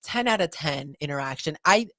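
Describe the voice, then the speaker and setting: A woman co-hosting a casual podcast, telling stories with lots of excitement and acting out quoted voices. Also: deep voice, normal speed, no echo, clean studio sound. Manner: excitable storyteller, acts out quotes. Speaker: podcast co-host. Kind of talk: casual chat.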